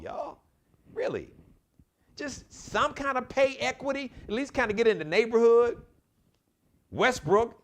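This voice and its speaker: A man hosting his own live commentary show, talking in an impassioned, preachy way and urging his listeners directly. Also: high voice. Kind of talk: opinionated solo commentary.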